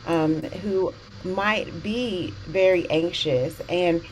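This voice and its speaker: Low-voiced enthusiastic woman host. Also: drawn-out words, slight background noise, rough recording. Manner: warmly enthusiastic, praising. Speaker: physician podcast host. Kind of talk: interview hosting.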